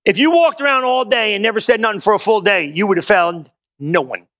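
High bright-voiced preacher man, slangy. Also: fairly quick. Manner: casual, slangy preaching with call-and-response questions. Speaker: pastor. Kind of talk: sermon.

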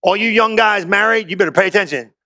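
High bright-voiced preacher man, slangy. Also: quick pace. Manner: casual, slangy preaching with call-and-response questions. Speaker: pastor. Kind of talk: sermon.

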